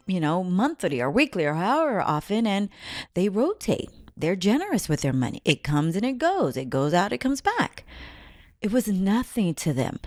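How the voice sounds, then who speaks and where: A woman's voice: mid-range voice, very animated, moderate pace, a little mellow, no room sound, clean studio sound, soft background music. A woman telling a personal story in a casual monologue, acting out overheard quotes, sometimes in a whisper. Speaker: spiritual vlogger.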